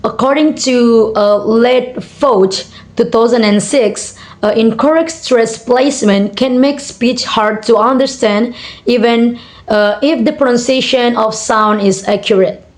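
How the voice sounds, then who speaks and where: A young woman student with an Indonesian accent, reading out assignment answers hesitantly, with many fillers and slowly repeated example words. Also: on the high side. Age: young adult.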